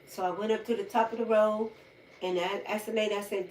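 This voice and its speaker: A woman's voice: mid-range voice, steady tone, brisk, a little mellow, slight background noise. A woman hosting a livestream in casual chat, chatty and repeating her points for emphasis. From United States. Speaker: livestream host. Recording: roomy sound, far from mic, faint ambience.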